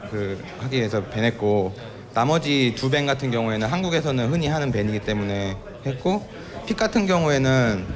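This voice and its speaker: A man answering as a pro player in a post-match interview, explaining matter-of-factly. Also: mid-range voice. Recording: crowd noise behind.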